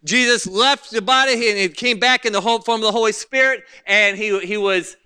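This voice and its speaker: A man preaching from the pulpit in a very high, piercingly bright voice. His tone is smooth and clear, and he swings between loud bursts and quiet asides. His delivery is impassioned. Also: brisk. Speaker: pastor. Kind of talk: sermon.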